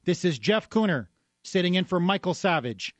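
High-voiced, sarcastic radio talk host. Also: male voice, lively intonation, normal speed, no room sound. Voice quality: sarcastic, scornful, mock gasps. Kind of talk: combative political radio commentary.

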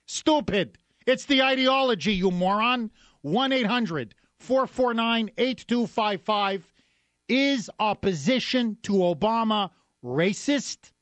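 A man hosting a combative political radio talk show. His voice sits high for a man and he sounds sarcastic and scornful throughout. The sound is close and dry, with no room around it. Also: fairly bright tone, no echo. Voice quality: sarcastic, scornful, mock gasps.

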